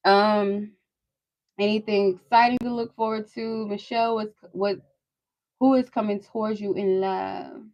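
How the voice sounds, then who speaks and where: A woman's voice: mid-range voice, fairly even intonation, a little slow, no echo, lo-fi sound. A young woman hosting a live-stream tarot reading, chatty and rambling, answering her chat and laughing often.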